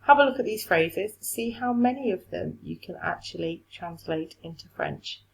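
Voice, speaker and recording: A woman's voice: on the low side, lively intonation, moderate pace, gravelly, poor audio. A woman, a French teacher explaining step by step in a recorded remote lesson, encouraging her pupils.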